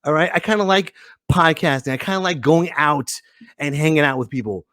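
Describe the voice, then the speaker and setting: A male podcast host opens his show with a rambling, joking monologue and animated energy. His voice sits a touch high and sounds close and dry. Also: normal speed, no echo. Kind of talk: casual comedic podcast monologue.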